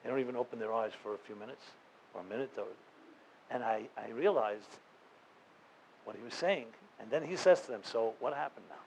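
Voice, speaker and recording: A man's voice: mid-range voice, a little fast, pauses often, darkish tone, slight background noise, low-quality recording. A man, a rabbi, telling a story to a live audience in an earnest, conversational way, with many fillers and restarts. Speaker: rabbi and guest speaker.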